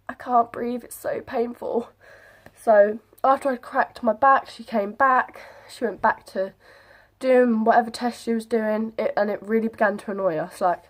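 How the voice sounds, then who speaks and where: A young woman, chatting casually to camera as she retells an experience. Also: fairly high pitch. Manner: chatty, animated retelling with quoted voices. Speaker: vlogger. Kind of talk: casual storytelling vlog.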